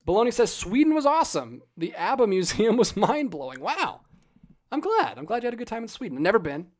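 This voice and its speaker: A man in his thirties hosting a casual live stream, animated and ranting with jokey asides while reading out chat. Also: high voice, a little fast. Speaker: livestream host.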